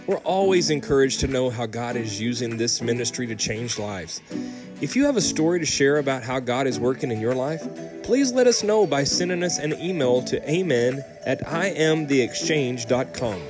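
A man calmly reading a scripted ministry announcement that introduces the day's sermon. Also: medium pitch, normal speed, music in the background.

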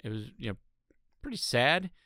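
A man's voice: mid-range voice, sing-song, moderate pace, bright, forceful tone, no echo, clean studio sound. A man co-hosting a podcast, giving blunt opinions in casual chat and swearing freely. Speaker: podcast co-host. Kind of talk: casual chat recapping a reality show.

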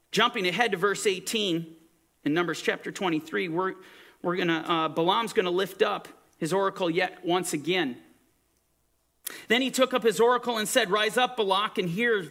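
Male Bible teacher, high bright voice, emphatic preacher's delivery. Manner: emphatic, preacherly, swings between soaring and hushed. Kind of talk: sermon-style Bible teaching.

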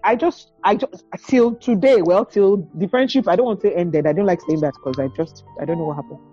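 A woman's voice: fairly low pitch, a little fast, mellow, muffled recording, faint music behind. A woman guest on a podcast, chatting candidly and telling a story, often acting out old dialogue and laughing. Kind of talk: candid conversation.

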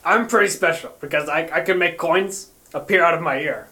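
A man's voice: fairly high pitch, a little fast, bright, forceful tone. A man hosting a comedy podcast, playful and giggly, laughing through his own jokes in improvised banter. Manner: giggly, playful, keeps laughing mid-sentence.

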